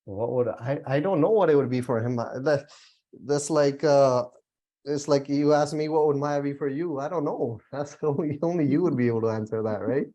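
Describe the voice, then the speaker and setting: A young man teaches a casual Gurbani study class, talking loosely with plenty of fillers and easy laughter. His voice is on the high side, at a moderate pace, and his manner relaxed and chatty.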